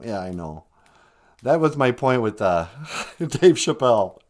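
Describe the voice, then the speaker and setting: A man's voice: mid-range voice, very animated, unhurried, a little mellow. A man hosting a podcast in casual, jokey chat, teasing his co-host and greeting listeners. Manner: jokey, teasing, calls people sweetie.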